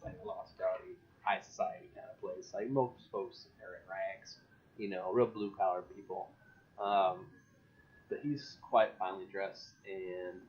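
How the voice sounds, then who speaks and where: A man narrating as game master and podcast host, rambling and relaxed. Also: lowish voice, highs cut off.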